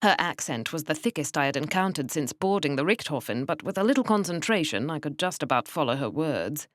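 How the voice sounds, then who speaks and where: A woman narrating an audiobook in a measured, wry first-person manner. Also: low-pitched, expressive, no echo.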